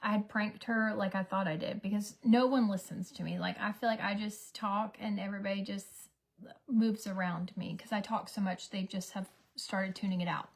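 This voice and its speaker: A woman's voice: mid-range voice, steady tone. A middle-aged woman telling a rambling, chatty story to her viewers in a casual vlog. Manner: chatty, rambling, quick to laugh. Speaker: vlogger.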